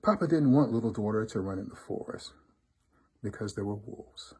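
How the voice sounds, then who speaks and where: A man reads a folk tale aloud in an expressive, rhythmic way. His voice is warm and mellow with a slightly husky texture. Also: lowish voice, normal speed. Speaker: storybook reader, fraternity member.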